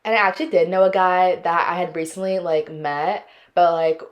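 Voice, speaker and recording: A woman's voice: on the low side, normal speed, muffled recording. A young woman in her twenties hosting a podcast, telling dating stories in casual chat and dramatically acting out the people in them. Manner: expressive, dramatic, acts out quotes. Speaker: podcast host.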